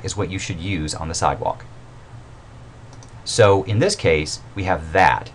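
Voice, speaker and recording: In this recorded mini-lecture, a deep-voiced male writing instructor talks through a grammar point casually. He explains things informally, stopping on filler words and fixing his own phrasing midstream, while a soft hiss lingers under the audio.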